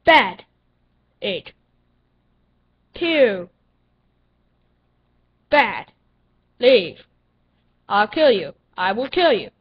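A young female gaming channel host giving excitable, playful commentary while playing, with silly sound effects. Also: medium pitch, extremely slow, long pauses, slightly rough. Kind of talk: casual gameplay commentary. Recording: dull lo-fi recording with faint noise.

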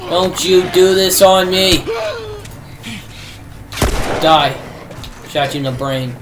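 A man doing live gameplay commentary, frantic and swearing a lot, yelling at enemies. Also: fairly high pitch, slow, noisy background. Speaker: let's play gamer.

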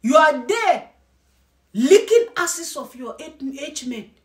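A woman vlogger scolds and mocks in her commentary, hammering her points home with repetition. Her voice is high-pitched. It is heard in an echoey room. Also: big pitch swings, takes it slowly. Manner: scornful, scolding, repeats herself for emphasis. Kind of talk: mocking reaction commentary. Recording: roomy echo.

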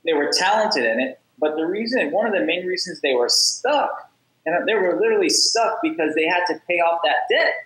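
A man with a fairly high voice tells his story on a podcast with lots of energy, acting out the other people's lines and stumbling over repeated words. The room has a noticeable echo. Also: brisk. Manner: energetic, acts out quoted dialogue, repeats words. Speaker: podcast guest, app founder. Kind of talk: casual interview storytelling.

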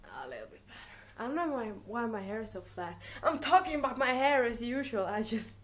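A woman's voice: fairly high pitch, big pitch swings, fairly quick. Hyper giggly young woman with a cold. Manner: hyper, giggly, self-mocking. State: has a cold. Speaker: vlogger. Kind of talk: casual rambling vlog. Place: cold apartment, indoors.

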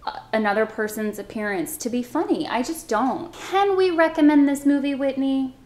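A woman's voice: high-pitched, moderate pace, darkish tone. Earnest woman co-hosting a film chat. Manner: earnest and emphatic, given to restarts. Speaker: podcast co-host. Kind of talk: casual chat. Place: home recording. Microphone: old desktop microphone.

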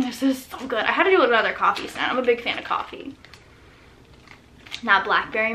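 A woman in her thirties doing a casual product showcase vlog, gushing with enthusiasm and sometimes dropping to soft, breathy murmurs. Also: on the high side, expressive, a little fast, pauses often, slight background noise. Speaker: small business owner showing products.

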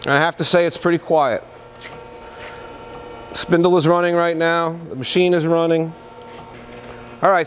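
A man with a slightly raised pitch talks through an unscripted machine demo on an indoor shop floor. He is plain-spoken and halting, and fills his pauses with "uh" and "um". A faint hum sits under his voice. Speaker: used machinery dealer. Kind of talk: unscripted product demonstration.

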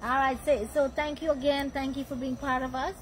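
A woman's voice: high-pitched, little pitch movement, fairly quick, background noise. A woman with a Guyanese accent hosting a casual backyard food vlog, chatty and affectionate, often laughing and talking while she eats. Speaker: vlog host. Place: backyard outdoors at night.

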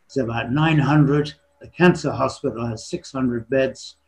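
A man in his eighties giving a slide lecture on history, pausing often and clearing his throat between phrases. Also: medium pitch, poor audio. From born in China, raised partly in England. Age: 80s. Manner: frequently clears his throat, halting with restarts. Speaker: retired surgeon giving a history talk.

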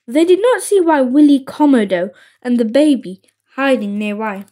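A woman narrating a children's storybook in a slow, expressive reading. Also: on the high side.

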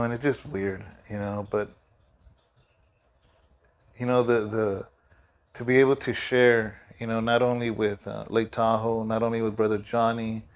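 Sounding drowsy and yawning now and then, a middle-aged pastor delivers an informal devotional in his mid-range voice. His talk wanders, full of fillers and false starts.

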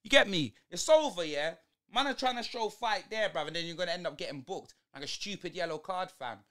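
A man's voice: high voice, lively intonation, a little fast, a bit bright. A young man, ranting in slang through a live football watch-along stream. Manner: exasperated, slangy ranting at the match.

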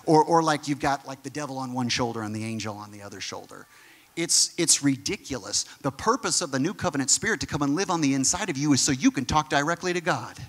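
Speaking at a medium pitch, this pastor is fast, expressive and slightly bright. He addresses his congregation directly in an earnest, conversational sermon, often repeating his words.

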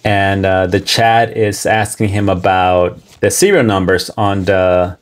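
A man casually commenting on and translating livestream clips, talking in a relaxed, conversational way with frequent pauses. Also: deep voice.

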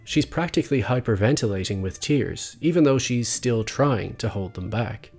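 A man narrating a scripted video essay in a measured, analytical way. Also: mid-range voice, lively intonation, a little mellow, slightly rough. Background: faint background music.

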